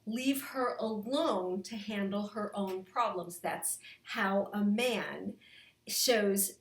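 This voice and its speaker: A woman relationship coach speaking straight to her male viewers, lively and expressive, acting out the husband's thoughts. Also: medium pitch, reverberant. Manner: animated, acts out the husband's inner voice with laughs. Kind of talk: direct-to-camera coaching talk.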